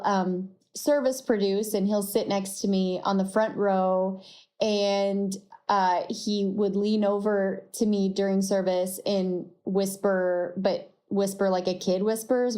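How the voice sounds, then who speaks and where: A woman shares a personal faith story at an unhurried, deliberate pace. Her voice sits in an ordinary middle range. She sounds reflective and easily laughs at herself. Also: mid-range voice, darkish tone. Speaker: podcast host.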